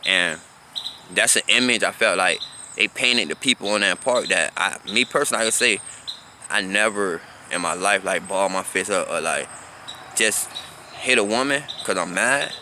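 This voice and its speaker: A man in his thirties from South Florida talks through his past in a loose, rambling monologue. His voice is low-pitched but very bright and forward. Faint outdoor noise with crickets and passing traffic sits behind him. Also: moderate pace. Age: 30s. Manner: loose and conversational, repeats "you feel me?" often. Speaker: vlogger. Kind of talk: casual storytelling monologue.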